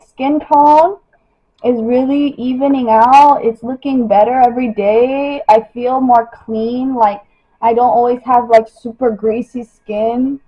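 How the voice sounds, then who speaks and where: Over dull, lo-fi phone-style audio, a young woman who models walks her followers through her skincare routine on a livestream. Her fairly high, slightly husky voice stays steady at a measured pace while she chats loosely, filling gaps with "like" and "you know."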